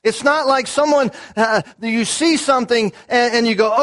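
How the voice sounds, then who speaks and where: Pastor, man, high voice, earnest sermon delivery with repeated key words. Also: normal speed, hardly any pauses, a bit bright.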